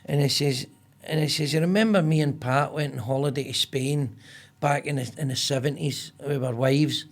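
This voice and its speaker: Scottish comedian spinning a yarn. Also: male voice, on the high side, normal speed. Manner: lively storyteller, acts out quotes. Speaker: comedian guest. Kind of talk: casual anecdote telling.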